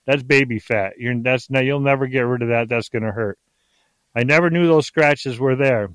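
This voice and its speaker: A middle-aged man telling stories as a podcast guest in a rambling, excitable way, often restarting his sentences. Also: mid-range voice, moderate pace, smooth, no room sound. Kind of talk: casual storytelling on a podcast.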